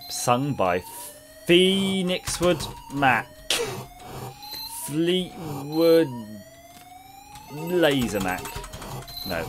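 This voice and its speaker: Unhurried jokey male game streamer. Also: on the high side, big pitch swings, background noise. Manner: jokey, rambling, chats with viewers. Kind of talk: casual livestream chat while gaming.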